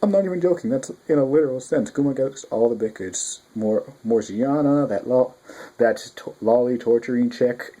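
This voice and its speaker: A man giving a casual spoken manga review, rambling and excitable, with frequent restarts and swearing. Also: mid-range voice, normal speed.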